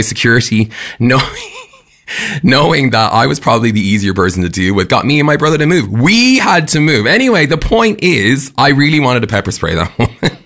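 A young Irish man hosting a breakfast radio show, telling a rant with an animated, chatty manner and frequent laughs. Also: medium pitch. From Ireland. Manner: animated, ranting, laughs often.

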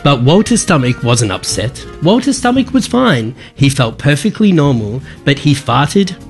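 A man's voice: a little high, sing-song, normal speed, faint music behind. A man reading a funny children's book aloud, often breaking up laughing. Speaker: guest story reader.

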